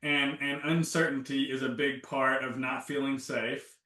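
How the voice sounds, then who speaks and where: A man's voice: medium pitch, measured pace. A man speaking as a guest on a health interview, telling his story with energy and acting out his own inner voices. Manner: animated storytelling, acts out inner dialogue. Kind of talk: casual interview talk. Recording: roomy, from a distance.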